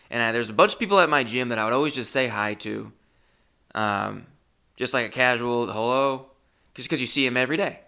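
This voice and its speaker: A young man hosts his own podcast, telling a story in a loose, rambling way full of self-mocking asides. His voice has a gravelly fry and a bright, forceful tone. He swings between loud bursts and muttered remarks. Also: mid-range voice. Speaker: podcast host. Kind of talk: casual storytelling monologue.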